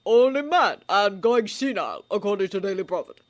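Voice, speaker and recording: A woman voicing an old male headmaster wizard who speaks in a pleasant, measured, dryly humorous way. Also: medium pitch, expressive, close to an everyday voice. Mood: wry.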